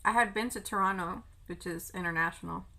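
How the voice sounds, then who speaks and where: A young woman vlogger chats casually while eating on camera in a mukbang, telling a travel story and swearing now and then. Her medium-pitched voice is brisk, creaky, bright and forceful, captured in a rough recording.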